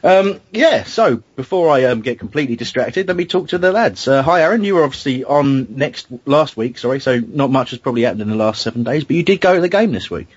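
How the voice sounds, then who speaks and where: A man's voice: mid-range voice, animated, fast, few pauses, husky, no room sound. Man, fan podcast host, chatty, self-deprecating, dry dull lo-fi sound. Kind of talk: casual fan radio chat. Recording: dull lo-fi home recording.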